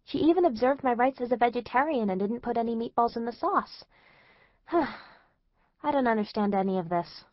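A woman's voice: a little high, animated, moderate pace, no echo, muffled recording. A woman narrating a first-person teen diary in a chatty, anxious, exasperated way. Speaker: audiobook narrator.

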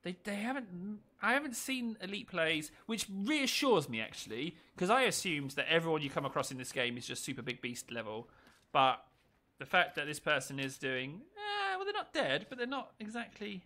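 Male game commentator, chatty and self-deprecating, fairly high, bright and animated. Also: moderate pace. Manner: chatty, joking, self-mocking. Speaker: gaming video commentator. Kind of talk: casual gameplay commentary.

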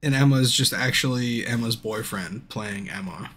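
A man's voice: mid-range voice, moderate pace, slightly rough. Drunk, foul-mouthed male streamer. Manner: profane, swears constantly; bursts into yelling at the screen. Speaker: game streamer. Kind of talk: casual livestream commentary. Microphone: streaming mic.

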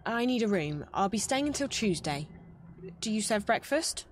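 An actress playing a calm, quick-witted young woman who speaks politely but firmly in video game dialogue. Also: mid-range voice, a little hiss or hum, natural voice. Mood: bluffing. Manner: composed, polite and firm. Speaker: game protagonist.

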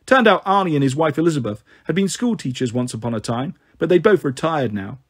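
Husky male reader of a children's novel. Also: lively intonation, a little fast. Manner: voices the characters with a raised pitch. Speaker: storyteller. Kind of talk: reading a children's novel aloud.

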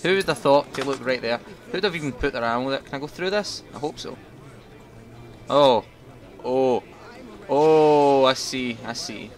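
A man's voice: medium pitch, unhurried, long pauses. A young man giving casual, jokey commentary while playing a video game, talking to his viewers. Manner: chatty, jokey, talks to viewers. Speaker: gaming commentator. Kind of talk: casual let's-play commentary.

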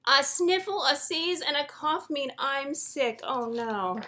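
Woman, young, children's storytime librarian: high, unhurried, gentle and sing-song. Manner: gentle, sing-song, inviting kids to join in. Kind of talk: reading a picture book aloud to young children.

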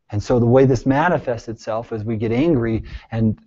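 A male therapist leading a support group, talking earnestly and reassuringly, moving between soft, hushed phrases and emphatic bursts and asking the group many questions. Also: mid-range voice, normal speed, hardly any pauses. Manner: pleading, reassuring, asks the group frequent questions. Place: group session room. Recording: dull lo-fi recording.

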